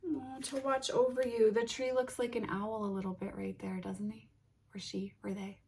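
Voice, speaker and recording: A woman hosting a tarot unboxing, reading card titles aloud in a gentle, admiring way with soft exclamations. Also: fairly high pitch, level tone, normal speed, vocal fry, a little hiss or hum. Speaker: tarot reader and channel host.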